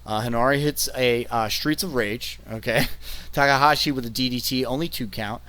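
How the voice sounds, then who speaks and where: A man talks through a wrestling card in a loose, casual recap. He rambles, stacks up fillers and keeps checking in with "okay?", chuckling now and then, his voice sitting at an ordinary middle pitch. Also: normal speed, bright, forceful tone. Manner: laughs between points. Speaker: wrestling reviewer.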